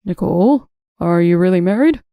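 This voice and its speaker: A woman's voice: medium pitch, normal speed, dark tone, no echo, studio quality, natural voice. Woman voicing a desperate pleading husband. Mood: indignant. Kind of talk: audiobook narration.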